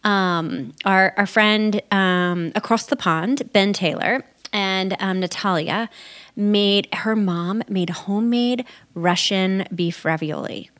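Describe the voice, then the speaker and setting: A woman co-hosting a business podcast in casual chat, bubbly and quick to laugh. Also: mid-range voice, fairly bright tone. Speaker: podcast co-host.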